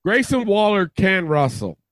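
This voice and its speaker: A man's voice: sits high, sing-song, a little slow, fairly bright tone, no room sound, poor audio. A man co-hosting a podcast in loose, rambling chat with plenty of swearing. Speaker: podcast co-host. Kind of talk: casual chat.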